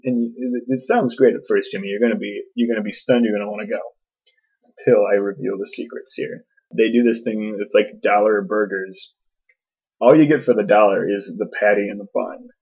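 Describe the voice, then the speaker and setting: Man, podcast host, casual storytelling, self-deprecating, filler-heavy, husky, dull recording. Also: on the low side, darkish tone.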